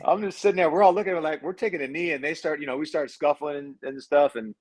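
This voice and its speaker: A man's voice: steady tone, quick pace, a little mellow. A former quarterback in his thirties, telling loose, profane stories in a casual interview and mimicking people in a raised voice. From Cuban heritage. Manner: laid-back, swears freely, acts out quotes in a higher voice. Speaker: former college quarterback, guest.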